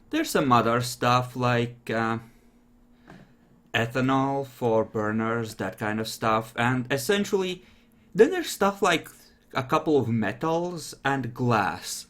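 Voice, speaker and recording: A man's voice: medium pitch, animated, slow pace, a bit bright. A man running a tabletop role-playing game, explaining things with frequent fillers. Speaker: game master.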